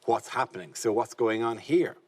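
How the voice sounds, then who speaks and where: A man hosting a comedy panel show, briskly linking rounds and prompting panellists. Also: mid-range voice. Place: TV studio with audience. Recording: studio audience laughter and noise.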